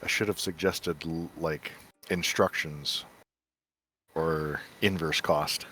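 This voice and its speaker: A man's voice: a bass voice, fairly even intonation, slow, fairly bright tone. A man who made the week's puzzle, talking about it in a rambling casual way, often repeating words. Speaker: puzzle designer on a community stream. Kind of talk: casual chat.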